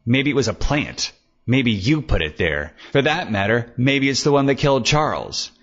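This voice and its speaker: A man's voice: medium pitch, animated, a bit bright, voice pushed up. A man playing a sardonic private detective. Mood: defiant. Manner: sardonic, quick-witted. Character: wisecracking male private detective, defiant. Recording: dull lo-fi recording.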